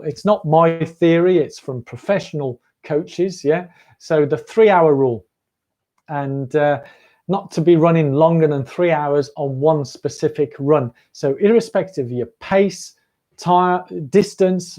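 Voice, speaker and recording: A man's voice: a little high, mellow. A man hosting a running livestream, rambling and chatty with frequent laughs. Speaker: running channel host. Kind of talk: casual livestream chat.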